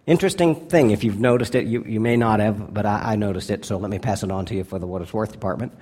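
A male pastor preaching a sermon, earnest and deliberate, slowing down to stress key words and dropping to a hushed tone for his appeals. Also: lowish voice, slightly rough.

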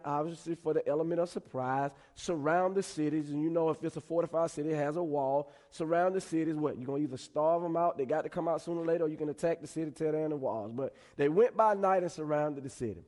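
A male preacher giving a conversational sermon with animated storytelling. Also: a little high, fairly quick, hardly any pauses, big-room sound.

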